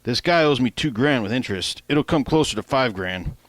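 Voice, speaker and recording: A cocky, reckless young man, as a man reads him, quick to tease and scheme. The voice sits a bit higher than the narrator's plain tone. It sounds dry and close. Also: lively intonation, a bit bright, no echo, natural voice. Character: reckless, hot-headed young man, the best friend.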